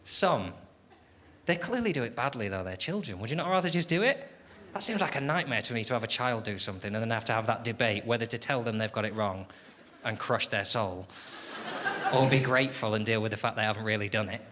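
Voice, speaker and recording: A man's voice: fairly low pitch, expressive, brisk. An English man performing a stand-up comedy set on stage, ranting in an exasperated, sardonic way and bantering with the crowd. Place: live comedy venue, audience laughing. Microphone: stage microphone. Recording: live show with loud crowd noise.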